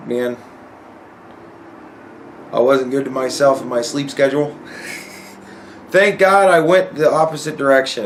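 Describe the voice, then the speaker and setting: A young man telling a profane, animated story to camera in a casual rant, his voice climbing when he relives his anger. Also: medium pitch, a little hiss or hum. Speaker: vlogger.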